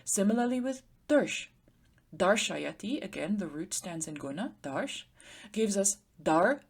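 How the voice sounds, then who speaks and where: A woman teacher giving an explanatory grammar lecture, patiently slowing down to spell out word forms. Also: mid-range voice, animated, vocal fry, slightly rough. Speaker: Sanskrit teacher.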